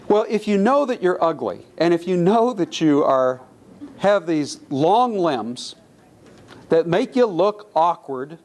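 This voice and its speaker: A man's voice: a little high, darkish tone. A middle-aged man giving a public lecture in a conversational, anecdotal way, often correcting himself mid-phrase. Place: lecture hall.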